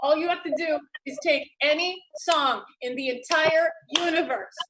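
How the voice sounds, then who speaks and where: A woman's voice: very high-pitched, fairly bright tone. A woman comedian doing a giggly, self-deprecating stand-up set over a video call.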